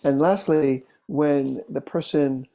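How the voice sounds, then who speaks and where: A man working as a therapist, telling case stories in a relaxed, conversational way, with fillers and restarts. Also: on the high side, slow pace, gravelly. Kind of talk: casual teaching talk with case stories.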